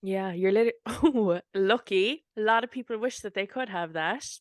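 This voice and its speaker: A woman in her late twenties co-hosting a podcast from bed, animated, laughing a lot and acting out what people said. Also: medium pitch, normal speed, no echo, studio quality. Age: late 20s. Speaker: podcast co-host. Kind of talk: casual chat.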